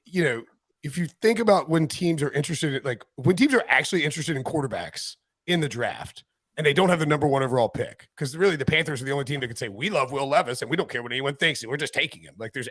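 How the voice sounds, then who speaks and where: Man, podcast host, casual rambling chat, lively pitch, husky. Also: no echo. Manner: rambling, animated, many fillers.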